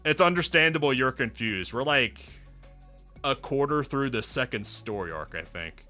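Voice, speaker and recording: A male streamer chatting jokily over his gameplay. His voice is very bright and it swoops up and down a lot, with faint music playing underneath. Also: medium pitch, normal speed. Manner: jokey, animated, playful. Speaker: VTuber streamer. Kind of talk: casual livestream commentary and dialogue reading. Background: faint background music.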